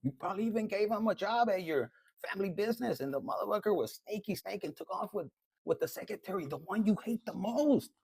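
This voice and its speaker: A man's voice: high-pitched, animated, fast, vocal fry, a little mellow, husky, dry recording. A man giving a casual tarot reading, talking bluntly and with lots of swearing. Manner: blunt, profane, chatty. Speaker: tarot reader.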